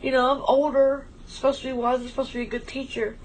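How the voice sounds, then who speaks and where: A woman's voice: high-pitched, level tone, fast, a little hiss or hum, low-quality recording. A woman talking in a casual, heartfelt way on a stream, emotional and rambling as she thanks a friend. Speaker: livestream co-host.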